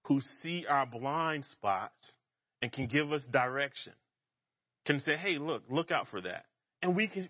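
A man preaching a relaxed, conversational sermon, joking and laughing at himself as he teaches. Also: a little high, no room sound, muffled recording. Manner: casual and self-deprecating, laughs at himself.

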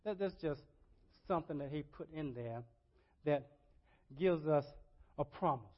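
An older man preaching a sermon as pastor, shifting from quiet asides to loud impassioned pleas and repeating his words with a preacher's cadence. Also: measured pace. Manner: swings from low asides to loud impassioned crying out. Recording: dull lo-fi sermon recording.

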